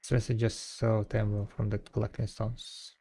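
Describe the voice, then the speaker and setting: A man streaming a game, chatting casually with viewers and thinking aloud in an unhurried way. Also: on the low side, level tone, warm tone. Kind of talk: casual live-stream chat.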